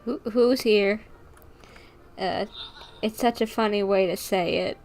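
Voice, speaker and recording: A woman's voice: medium pitch, slow, darkish tone, faint music behind. A young woman streaming a video game, gushing and giggling over the characters. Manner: giggly, gushing fan chatter. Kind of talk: live game commentary.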